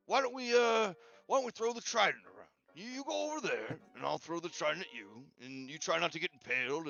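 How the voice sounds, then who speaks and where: A man voicing a boisterous, forgetful male sea god with crab claws, talking loud and boastful. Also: mid-range voice. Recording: dull lo-fi with faint music.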